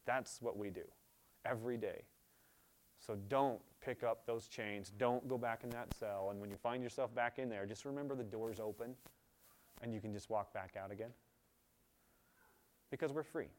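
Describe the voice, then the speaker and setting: A man preaching a sermon at a church service, earnest, with loud emphatic passages and quieter pleading ones. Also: lowish voice, moderate pace, pauses often. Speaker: pastor.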